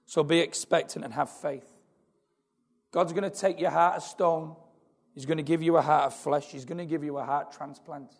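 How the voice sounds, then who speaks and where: Male preacher, slightly high gravelly voice, earnest and building, church reverb. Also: steady tone, moderate pace. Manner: earnest, repetitive, building in intensity. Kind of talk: sermon. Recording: long hall reverb.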